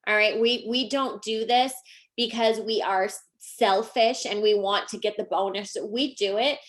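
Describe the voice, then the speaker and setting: A woman's voice: mid-range voice, a little slow, fairly bright tone. A woman speaking heartfelt words on a motivational group call, close to tears. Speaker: network marketing seller.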